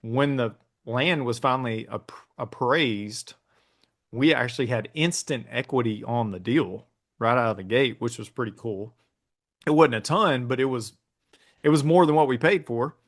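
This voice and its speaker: A man as an interview guest, telling a story in a relaxed way with plenty of ums and restarts. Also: medium pitch, moderate pace. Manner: relaxed storytelling with many fillers. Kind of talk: casual interview conversation.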